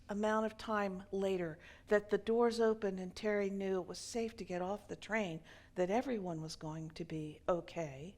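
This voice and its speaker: Slow, measured woman minister. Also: medium pitch. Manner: measured, dropping to a hushed near-whisper. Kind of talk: storytelling sermon.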